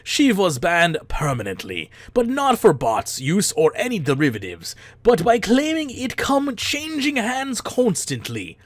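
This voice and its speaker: A man putting on a deliberately bad heavy foreign accent to voice a gamer man pleading in clumsy broken phrasing. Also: very high-pitched, steady tone, voice pushed up. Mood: mock-pleading.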